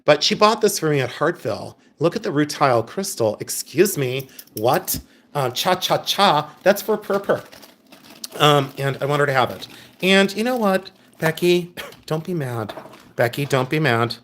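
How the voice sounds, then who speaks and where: A man's voice: on the high side, animated, normal speed, a bit bright. Chatty man hosting a live jewelry sale. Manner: chatty, laughing, bawdy storyteller; addresses chat viewers by name. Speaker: live-stream jewelry seller. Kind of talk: casual live-stream sales chat.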